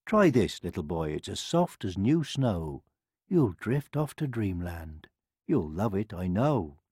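Man voicing a soft humble peasant, reassuring, low-key, storybook, dry. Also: sing-song, slow pace, breathy edge, no echo, heavily acted.

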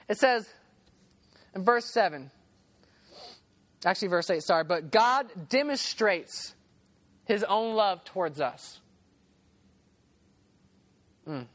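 A young man preaching to a youth group in a casual storytelling way, laughing often and acting out the people in his story. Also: high voice. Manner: animated, laughing, acts out the voices in his story.

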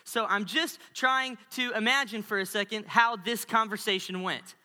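A male pastor preaches with animated storytelling and playful asides to his church. His voice is high and very bright. It rings out with a long reverb through a large hall. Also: moderate pace. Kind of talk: sermon.

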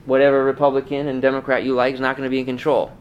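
A man's voice: mid-range voice, completely flat delivery, very fast, highs cut off, a little hiss or hum. A male pastor preaching a sermon in a conversational way, asking the congregation rhetorical questions.

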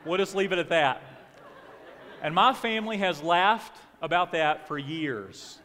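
A middle-aged pastor preaches from the pulpit, telling a personal story with animated energy. His voice sits a little high for a man. The sound carries a long reverb from the church hall. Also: moderate pace. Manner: animated storytelling, acts out family members in raised voice. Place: church sanctuary.

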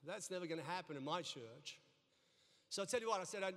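A man's voice: high voice, lively intonation, fast talker, a bit bright. A middle-aged male pastor preaching a sermon in a church, telling folksy stories with humor and often repeating his words. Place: church sanctuary. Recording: long reverb of a church hall.

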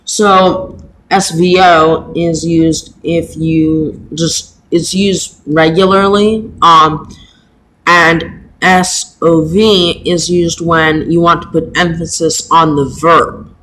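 A man teaching a Latin lesson, speaking haltingly with many pauses and fillers. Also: fairly high pitch, flat delivery, bright, forceful tone, slight background noise, rough recording. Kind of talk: slow home-made lesson.

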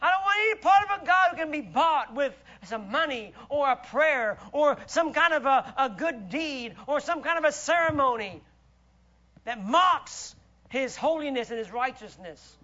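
A man preaching a sermon in a church, emphatic and rhetorical, swinging between loud declarations and hushed asides. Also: very high-pitched, animated, normal speed, lo-fi sound.

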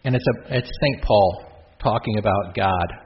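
A man's voice: fairly low pitch, normal speed. A middle-aged man, a Catholic priest, giving a conversational sermon in a church, often breaking off for joking asides. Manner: chatty, self-interrupting, with joking asides. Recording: muffled lo-fi with faint hiss.

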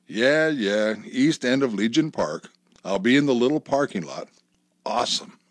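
A man reading a story aloud, voicing an excitable husband who talks eagerly and tries to win his wife over. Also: medium pitch, moderate pace, no room sound, studio quality, natural voice. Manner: upbeat, eager, persuasive.

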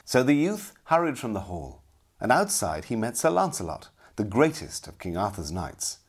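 A man narrating a storybook with expressive, dramatic storytelling. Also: lowish voice, moderate pace, breathy edge.

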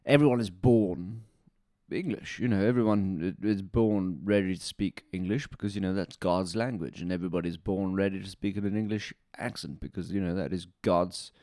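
A man playing a snobbish dialect coach in a deadpan comic interview, pompous and self-satisfied. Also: deep voice, normal speed, dry recording, clean studio sound.

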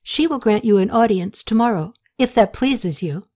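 A dignified male temple official in an audiobook who speaks in measured, courteous phrases, as a woman narrator reads him. His speech is formal and unhurried. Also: mid-range voice, animated, dark tone, natural voice. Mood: courtly.

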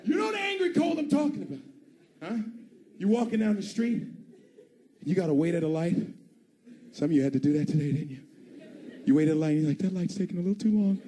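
A man performing stand-up comedy, his voice pitched high as he acts out little scenes in exaggerated voices. The live club recording carries a clear layer of noise behind him. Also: animated, fast talker, long pauses, mellow.

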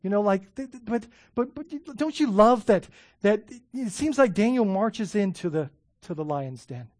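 A man preaching a sermon as a pastor, animated, often restarting words and laughing as he talks. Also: high-pitched, moderate pace, dry recording, studio quality.

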